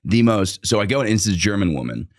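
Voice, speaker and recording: Deep-voiced young man telling stories. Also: very animated, quick pace. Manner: loose and profane, lots of "like" fillers. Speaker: guest comedian. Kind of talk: casual storytelling in a podcast chat.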